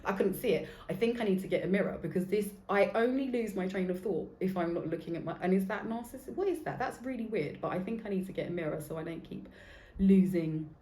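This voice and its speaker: A woman's voice: mid-range voice, fast, dark tone, echoey room. A woman of about forty hosting her own podcast, talking bluntly and casually, swearing freely and drifting off on tangents. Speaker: podcast host. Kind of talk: casual solo podcast chat. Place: seated in a room recording a podcast.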